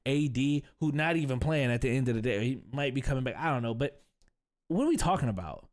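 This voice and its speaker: Man, sports reaction vlogger, blunt, profane, slangy, rambling, mid-pitched. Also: lively intonation, brisk, a little mellow. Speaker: sports commentary vlog host. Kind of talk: casual reaction rant.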